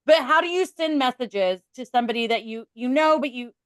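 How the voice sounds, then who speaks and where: A woman's voice: high-pitched, animated, fairly quick, clean tone, no echo. Chatty woman, dry close sound. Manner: rambling, chatty, self-interrupting. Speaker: podcast co-host. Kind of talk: casual podcast chat.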